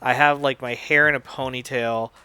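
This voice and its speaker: A man's voice: medium pitch, fairly even intonation, normal speed, pushed and bright, a little hiss or hum. A man in his thirties casually telling a rambling story while playing a game, full of fillers and quoted dialogue, on a close desk mic. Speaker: gaming video host.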